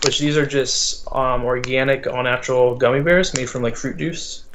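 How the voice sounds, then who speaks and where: A teenage boy as a guest in a casual interview, talking haltingly with many fillers. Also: mid-range voice, steady tone, a bit bright, a little hiss or hum. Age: teens. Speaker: guest, small business owner.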